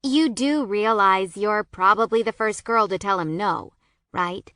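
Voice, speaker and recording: A woman voicing a gossipy, excitable teenage girl who teases her best friend bluntly in an audiobook. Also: medium pitch, unhurried, no room sound, studio quality.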